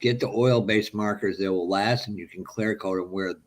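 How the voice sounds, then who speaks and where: A man's voice: fairly low pitch, fairly even intonation, moderate pace. Encouraging man giving hobby advice. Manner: encouraging, mentoring. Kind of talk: casual chat.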